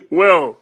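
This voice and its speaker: Slow, bright-voiced male comedy host. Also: dry recording. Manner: laughing often, calling on players by name. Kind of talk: comedy game show hosting.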